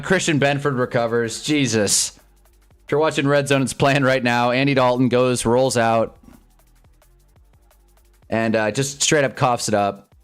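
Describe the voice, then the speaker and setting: A man streaming live sports commentary who swings between loud yelps and low mutters and chats with his viewers' comments. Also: clean tone. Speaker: streamer hosting a live game watch-along.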